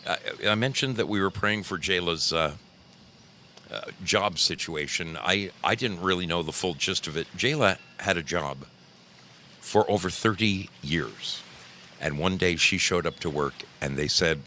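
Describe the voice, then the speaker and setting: A man's voice: very deep voice, expressive, unhurried, sharp tone, a little hiss or hum. A man hosting a casual livestream, greeting viewers by name in a folksy, chatty way from a home studio. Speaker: livestream host.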